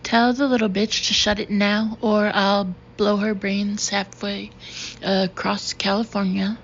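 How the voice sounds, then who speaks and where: A woman's voice: mid-range voice, level tone, a little slow, close to an everyday voice. Woman reading as a cold kidnapper gunman. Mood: cold menace. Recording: dull, slightly noisy recording.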